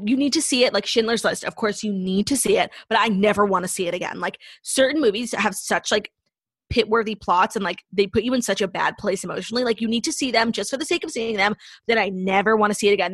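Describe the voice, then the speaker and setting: A woman's voice: mid-range voice, fairly bright tone, breathy edge, no echo. A woman co-hosting a podcast in casual chat, constantly saying "like" as she talks. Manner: chatty, fills speech with "like". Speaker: podcast co-host.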